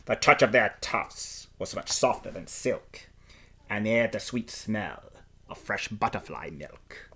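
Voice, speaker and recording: Male storybook reader, playful and expressive, bright voice, lively pitch, unhurried. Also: slightly rough. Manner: playful, expressive, rhyming delivery. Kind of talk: performed storybook reading in first person.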